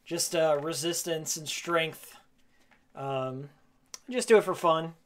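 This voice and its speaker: A man live-streaming casually while he cleans his game room, hoarse and losing his voice, jokey and rambling, repeating his own lines. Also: fairly high pitch, slow. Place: game room at home, indoors.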